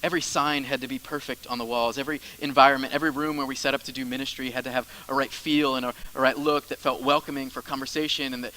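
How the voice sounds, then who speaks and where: A man's voice: mid-range voice, little pitch movement, fast talker, hardly any pauses, sharp tone, rough recording. A man preaching a sermon as the church's pastor, in a conversational style with asides and repeated phrases.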